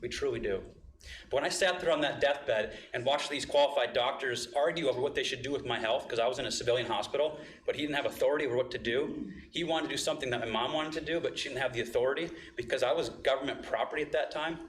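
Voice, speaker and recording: A man giving an impassioned, emotional public comment at a board meeting, rising to loud, emphatic outbursts. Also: medium pitch, fast talker, echoey room.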